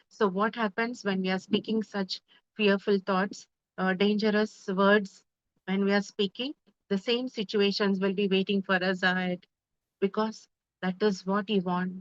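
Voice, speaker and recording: A woman's voice: mid-range voice, fairly bright tone, no echo. A woman giving a spiritual talk as a meditation teacher, earnest and full of rhetorical questions. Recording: dull, dry sound.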